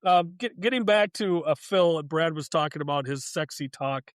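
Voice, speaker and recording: A man's voice: on the high side, moderate pace, no room sound. Upbeat man with a dry close sound. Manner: enthusiastic, laughs often, retells scenes. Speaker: podcast co-host. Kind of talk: casual podcast chat.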